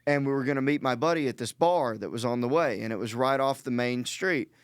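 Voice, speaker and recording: Animated swearing storyteller man, dry mic. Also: mid-range voice, fairly quick, clean tone, no echo. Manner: animated storyteller, laughs often, swears freely. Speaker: podcast co-host. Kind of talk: casual storytelling chat.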